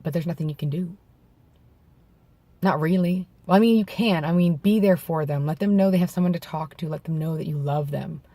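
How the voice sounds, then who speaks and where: Man, gravelly and a bit hoarse, candid vlog talk, reflective and halting, dry close sound. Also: a little high, dark tone, no room sound. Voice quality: gravelly, slightly worn voice from vocal nodes. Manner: reflective and halting, with restarts and self-corrections. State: hoarse from throat clearing. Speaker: vlogger. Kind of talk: candid personal talk to camera. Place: outdoors in bright daylight.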